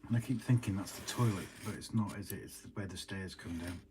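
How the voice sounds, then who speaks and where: A man's voice: low voice, brisk, heavy background noise. Easygoing man chatting. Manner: jokey, easygoing. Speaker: model railway vlogger. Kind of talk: casual chat while building.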